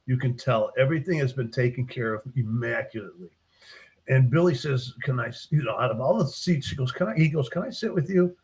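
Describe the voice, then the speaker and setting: A man, a book author in a casual interview, retelling his short stories with lively acted-out character lines. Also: mid-range voice, fairly quick, husky. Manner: animated storyteller, acts out characters' lines.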